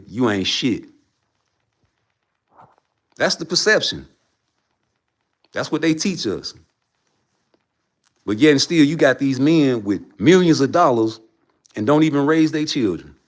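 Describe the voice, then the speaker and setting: A man ranting on his livestream, profane and preachy, swinging between loud outbursts and low mutters. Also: expressive, measured pace, long pauses. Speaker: livestream host. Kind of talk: heated casual rant.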